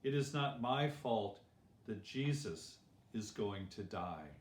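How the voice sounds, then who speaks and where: A man's voice: on the low side, expressive, slow, a little hiss or hum, pitched below the performer's own voice. A man voicing an anxious, powerful Roman governor in a children's story, asking questions uneasily. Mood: uneasy. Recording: roomy echo.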